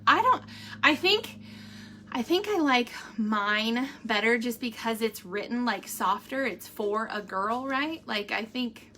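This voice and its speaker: A woman's voice: on the high side, lively intonation, measured pace, bright, forceful tone, a little hiss or hum. A woman, chatting in a rambling, casual way, reading a devotional and giving a family update, sometimes close to tears. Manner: chatty, rambling, with fillers and laughs. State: emotional, near tears at times. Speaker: vlogger sharing a family update.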